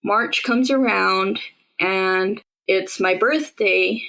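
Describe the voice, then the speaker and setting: A woman's voice: medium pitch, extremely slow, creaky, sharp tone, rough recording. A young woman, a podcast interviewee, recounts her own experience in a casual, conversational way, often saying "like". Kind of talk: personal storytelling in an interview.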